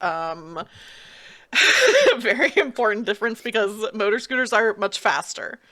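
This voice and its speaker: A woman at a tabletop game, describing her turn slowly and hesitantly, full of fillers and giggles. Her tone is bright and sharp, and her pitch swings widely. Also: big pitch swings. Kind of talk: casual role-play narration.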